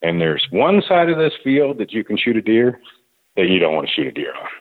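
A man's voice: on the low side, very animated, brisk. A man telling a long, folksy hunting anecdote full of quoted back-and-forth dialogue. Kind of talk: casual storytelling. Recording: tinny phone-like line.

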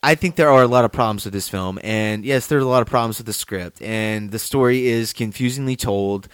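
Enthusiastic halting man on a film podcast. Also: on the low side, clean tone, no room sound, studio quality. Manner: enthusiastic, halting, full of "like" and "dude". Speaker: podcast co-host. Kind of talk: casual film chat.

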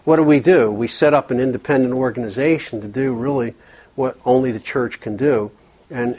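A man's voice: medium pitch, a little mellow. A man speaking earnestly at a church counseling workshop, often repeating words as he thinks. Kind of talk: conversational workshop talk.

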